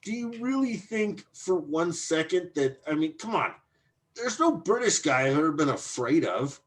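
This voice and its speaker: A man's voice: a little high, sing-song, moderate pace. A man hosting a podcast in casual chat, talking in a brash, crude and provocative way. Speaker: podcast host.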